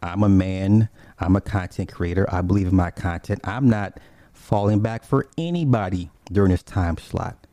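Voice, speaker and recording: Man, very low voice, warm dark tone, casual profane rant, rambling, dry close sound. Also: normal speed, dry recording. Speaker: commentator on online streamers. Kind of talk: casual ranting commentary.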